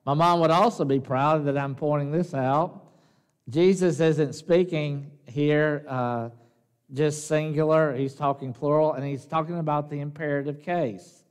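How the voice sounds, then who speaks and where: Folksy Southern pastor in an echoing sanctuary. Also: male voice, a little high, steady tone, clean tone. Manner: folksy, conversational, with joking asides and slow emphatic phrases. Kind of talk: sermon.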